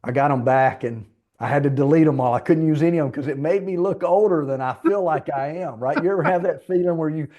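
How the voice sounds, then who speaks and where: A middle-aged man with a Southern US accent, a podcast guest who tells relaxed, self-deprecating stories in casual speech. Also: fairly high pitch, quick pace, hardly any pauses, lo-fi sound. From Little Rock, Arkansas, USA. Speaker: podcast guest, leadership coach. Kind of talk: conversational podcast interview.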